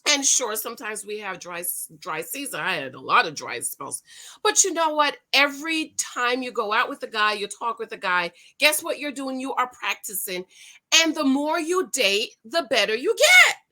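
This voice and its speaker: A woman from the Northeast United States with a New York accent, reviewing a dating show in lively, casual chat to her viewers. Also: a little high, moderate pace. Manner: animated, lively, playful asides to viewers.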